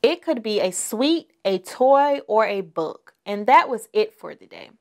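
A woman voicing a lively, teasing grandmother bear in a read-aloud storybook. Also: medium pitch, unhurried. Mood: explaining.

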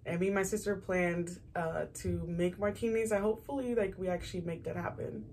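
A young woman with a slightly hoarse morning voice, chatting casually while doing her morning routine for a vlog. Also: lowish voice, steady tone, a little fast, a little mellow, a little hiss or hum. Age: young adult. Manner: chatty, rambling, self-deprecating. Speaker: beauty vlogger. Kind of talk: casual get-ready-with-me chat.

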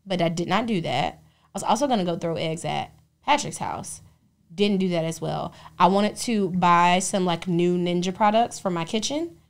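A young adult woman co-hosting a podcast, telling stories in a profane, animated way and acting out the voices of the people in them. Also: on the low side, moderate pace. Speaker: podcast co-host. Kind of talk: casual podcast storytelling.

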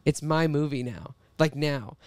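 A man in his twenties, a podcast guest, telling an animated story and reading out old posts. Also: a little high, measured pace, no room sound. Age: 20s. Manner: animated storytelling, quoting tweets. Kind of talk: casual podcast chat.

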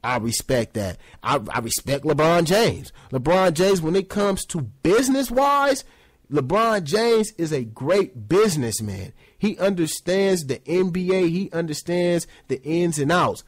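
Man, sports opinion rant, lively swooping pitch, mocking voices for other people, dry close sound. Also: measured pace, dry recording. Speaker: sports commentary host.

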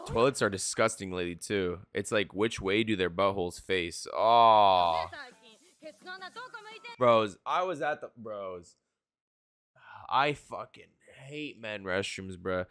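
A man's voice: fairly low pitch, unhurried. A young man livestreaming his reactions to an anime, cursing freely and laughing often. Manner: animated, profane, laughs often. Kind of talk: live reaction commentary.

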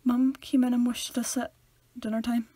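A young Northern Irish woman co-hosting a podcast, teasing and often trailing off into a soft mumble. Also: fairly high pitch, little pitch movement, normal speed, breathy edge, no room sound. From Northern Ireland. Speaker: podcast co-host. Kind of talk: casual chat.

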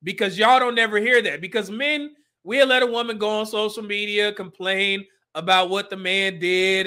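A man hosts a livestream and comments on clips in a blunt, preachy way, laughing now and then. His voice sits high. It has a bright, forceful edge. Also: moderate pace, few pauses. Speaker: livestream host.

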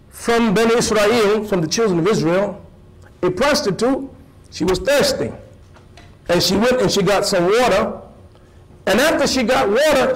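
An imam giving an animated sermon-style lecture to a live audience, repeating phrases for emphasis and putting questions to the listeners. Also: male voice, high voice, low-quality recording. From United States.

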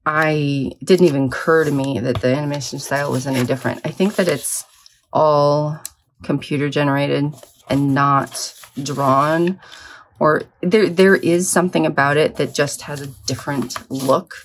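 A woman's voice: low voice, fairly even intonation, normal speed, a little hiss or hum. A middle-aged woman in a sleepy early-morning mood, rambling chattily and self-deprecatingly while she crafts. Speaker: vlogger.

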